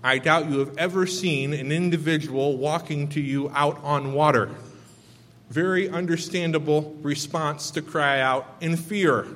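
A man with children, preaching a sermon: he reads scripture and pauses earnestly to explain it and talk straight to his listeners. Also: fairly high pitch, a bit bright, in a large hall. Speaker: pastor.

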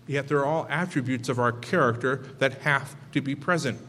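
A man preaching a sermon in a loose, off-the-cuff way that leans on rhetorical questions. His voice sits in an ordinary middle pitch. A long reverb trails behind him, as in a large hall. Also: moderate pace, a bit bright. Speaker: pastor.

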